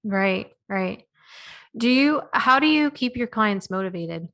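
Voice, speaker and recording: A woman with a bright, crisp voice hosts a health podcast. She asks her questions casually and affirms her guest with quick agreeing words. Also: mid-range voice, expressive. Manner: conversational, affirming with short interjections. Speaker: podcast host. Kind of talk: casual interview.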